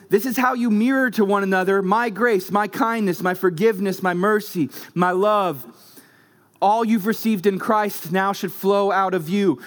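Guy pastor preaching, kinda high voice, punchy repeated lines. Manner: emphatic, repeats short phrases for effect. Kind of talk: sermon.

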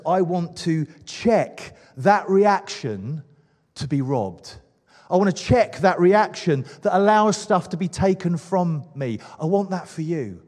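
A man's voice: high voice, darkish tone, big-room sound. A man preaching a sermon with enthusiasm, asking the congregation questions. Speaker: pastor.

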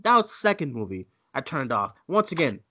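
A man's voice: mid-range voice, a little fast. A man co-hosting a casual movie podcast, ranting and mimicking voices as he talks. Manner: animated, ranting, mocking voices. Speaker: co-host.

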